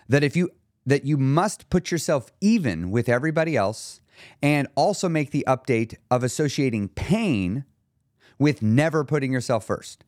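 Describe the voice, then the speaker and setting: A man's voice: mid-range voice, no room sound, clean studio sound. A man hosting a podcast as a weight loss coach, talking straight to his listeners and acting out the people in his stories. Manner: animated storytelling, acts out quoted characters. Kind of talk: podcast monologue.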